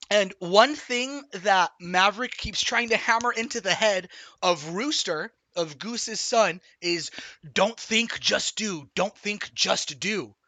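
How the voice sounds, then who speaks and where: Male streamer, high bright voice, excitable rambling recap, sweary, dry close sound. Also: no room sound. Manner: animated, swears a lot, rambling with restarts. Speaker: streamer reviewing a film. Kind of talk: excited casual movie recap.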